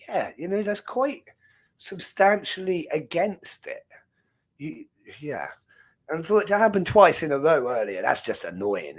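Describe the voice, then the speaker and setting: Brief: male streamer, thirties, rambling and jokey, lively up-and-down pitch, fairly high voice. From England. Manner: rambling, jokey, laughs often. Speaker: live stream host. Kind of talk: casual live-stream chat.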